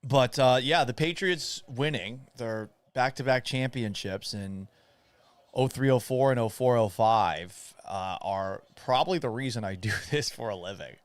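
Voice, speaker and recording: A man's voice: mid-range voice, unhurried, dry recording. A man in his thirties who grew up in Florida, hosting a casual live watch party, calling plays and reading viewer comments in a rambling, chatty way. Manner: rambling, reads viewer chat, play-by-play asides. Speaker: sports talk host.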